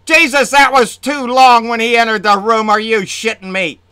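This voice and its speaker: A man's voice: very high voice, fairly even intonation, normal speed, smooth, dry recording. Fired-up profane man ranting. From Texas. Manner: profane, fired-up, swings between muttering and shouting. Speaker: political vlogger. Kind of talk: angry political rant.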